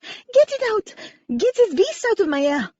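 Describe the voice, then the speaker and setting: A woman's voice: extremely high pitch, lively intonation, normal speed, a little mellow, no echo, muffled recording, voice pushed up. A woman voicing a frightened French female acrobat with a French accent, shrieking and panicky. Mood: panicked.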